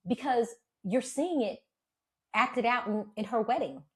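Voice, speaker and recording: A woman's voice: on the high side, lively intonation, measured pace. A woman in her thirties co-hosting a podcast, chatting casually, laughing often and swearing freely. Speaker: podcast co-host. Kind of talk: casual chat.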